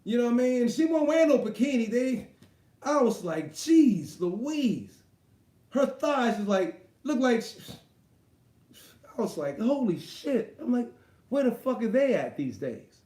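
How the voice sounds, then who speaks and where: High-voiced guy on a boxing stream, crude and rambling, slangy, roomy echo. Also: big pitch swings, normal speed, warm tone. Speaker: boxing show host. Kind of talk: casual live-stream chat.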